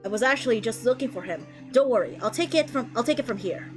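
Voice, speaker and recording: A friendly, upbeat young man in a game, read by a woman. He has a fairly high voice that moves in a lively way. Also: fast, over music, close to an everyday voice.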